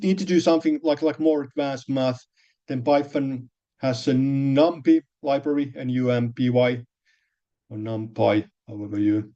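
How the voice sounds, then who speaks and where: A male programming teacher who talks through his code haltingly, stopping to restart and fill pauses as he explains each step. His voice is mellow and unhurried. It comes through a somewhat dull, lo-fi recording. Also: medium pitch. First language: Finnish. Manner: hesitant, many restarts and fillers, explains step by step. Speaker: programming lecturer.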